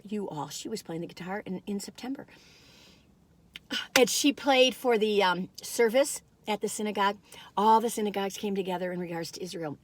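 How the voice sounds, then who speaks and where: A woman's voice: mid-range voice, a little fast, no room sound. An older woman, chatting casually and rambling to viewers while reviewing food in her car.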